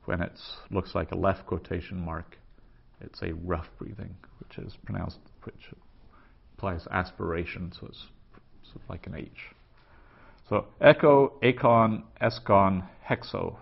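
A man's voice: low voice, flat delivery, normal speed, vocal fry, breathy edge, muffled recording. A man teaching ancient Greek verb forms in a patient, methodical way, repeating each form aloud. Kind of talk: slow spoken grammar lesson.

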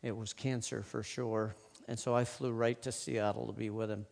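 A man telling a personal story, speaking haltingly with fillers and restarts. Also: lowish voice, flat delivery, vocal fry, darkish tone. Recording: long hall reverb.

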